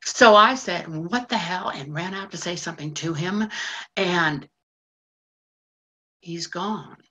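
A woman's voice: lowish voice, pushed and bright, breathy edge, heavily acted. An actress playing a lonely middle-aged female janitor in a stage monologue, confiding in a rush of feeling. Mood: flustered. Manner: confiding, breathless rushes of feeling. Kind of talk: stage monologue in a theatre broadcast.

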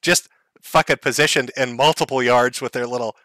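A man's voice: mid-range voice, steady tone, fairly quick, pushed and bright, no echo. A man hosting a live stream, giving sarcastic, mocking commentary and laughing often. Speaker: streamer host.

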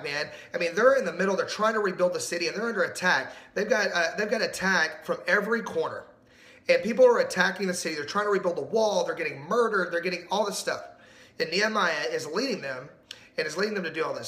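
A middle-aged man preaching a sermon, animated and emphatic, asking the audience questions. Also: high-pitched, reverberant. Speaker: pastor.

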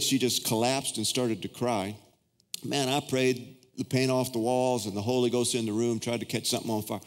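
In a large church auditorium with long reverb, a middle-aged pastor with a drawl preaches a sermon to his congregation, telling personal stories loosely and without a script. His plain narration sits at a middle pitch, but he leaps much higher into excited voices when acting out his pleading prayers.

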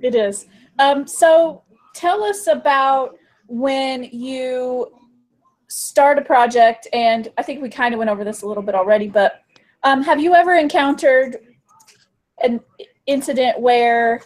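A woman with a higher voice hosts a podcast interview. She pieces together her questions slowly, with many ums and pauses. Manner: hesitant, many ums while forming questions. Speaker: podcast host.

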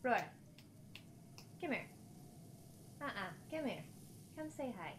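A woman's voice: a little high, very animated, takes it slowly, background noise. A woman streamer chatting casually with viewers while she plays, laughing often and cooing at her pet. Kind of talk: casual live-stream chat.

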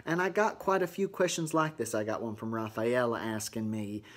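A man performs a middle-aged mom who hosts her own cheerful vlog. Her voice is chirpy and folksy at an ordinary middle pitch. She delivers strange, dark asides in the same sweet deadpan tone as her everyday chat. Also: moderate pace, lightly acted. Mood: chatty. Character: sugary Southern mom vlogger woman, middle-aged, eerie. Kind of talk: comedic vlog monologue to camera.

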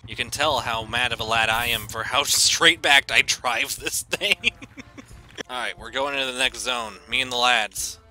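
A man giving goofy, excitable gameplay commentary, breaking into shouted bits. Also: mid-range voice, a little slow. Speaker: gaming YouTuber. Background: game music.

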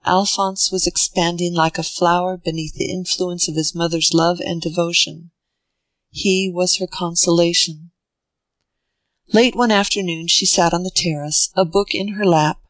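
A narrator reading a classic novel aloud in a measured, even way. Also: mid-range voice, dry recording, poor audio. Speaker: audiobook narrator. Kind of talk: scripted narration.

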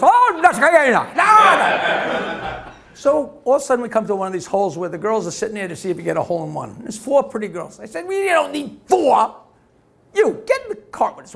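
A man running a live comedy club show, swapping brash jokes with the crowd into a handheld stage mic. His voice sits very high and bounces all over, with a bright, forceful edge. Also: creaky. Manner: brash, joke-telling, laughing often. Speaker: comedy host. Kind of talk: live stand-up banter.

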